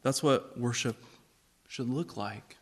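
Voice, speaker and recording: A man preaching a sermon, reading scripture and asking the congregation questions in an animated way. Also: mid-range voice, slow pace, breathy edge. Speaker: pastor.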